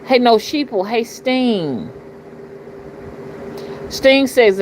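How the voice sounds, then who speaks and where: A woman's voice: a little high, animated, extremely slow, long pauses, low-quality recording. A middle-aged woman talks bluntly and profanely in a casual livestream, preaching her views and often asking "you understand?". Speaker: spiritual reader and channel host. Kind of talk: casual livestream talk, greeting chat. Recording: noticeable background noise.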